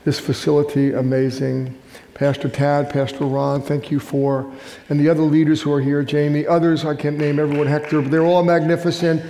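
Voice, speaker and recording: A man's voice: a little high, level tone, brisk, dark tone, slight background noise. Older man preaching in an echoey hall. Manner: chatty storytelling with self-deprecating jokes. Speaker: guest pastor. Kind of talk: sermon. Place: large church hall.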